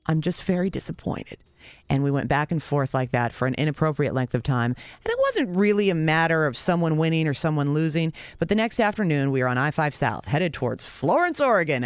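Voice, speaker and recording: A woman recounts a personal story with wry, sarcastic self-mockery, jumping suddenly up in pitch to stress her points. The recording carries no room sound.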